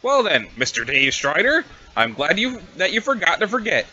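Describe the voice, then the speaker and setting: A man's voice: sits high, very animated, normal speed, sharp tone, highs cut off, heavily acted. A man voicing a smug, playful teenage alien troll girl in a webcomic reading, with a teasing, sing-song manner. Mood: eager. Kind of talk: reading a webcomic aloud with voices.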